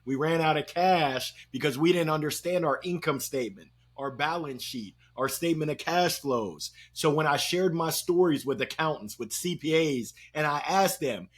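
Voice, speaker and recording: A man telling stories as a guest on an interview show, in a playful, slangy, animated way. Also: a little high, moderate pace, hardly any pauses. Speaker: guest, sales speaker. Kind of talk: energetic interview storytelling.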